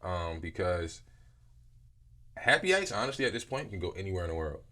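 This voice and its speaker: A young man from Philadelphia, a business owner, telling stories as an interview guest in a loose, animated way, acting out quotes and swearing freely. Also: low-pitched, fairly quick. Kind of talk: casual storytelling interview.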